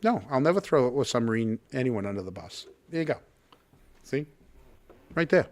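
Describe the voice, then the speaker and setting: A man's voice: medium pitch, big pitch swings, moderate pace. A man hosting a podcast in casual chat, telling rambling stories and laughing often. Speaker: podcast host.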